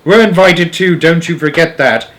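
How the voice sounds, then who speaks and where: A shrill, panicky old grandmother shrieking and wailing in a storybook reading, as a man puts her on. The voice is pushed well up high, loud and strained. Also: normal speed, lightly acted.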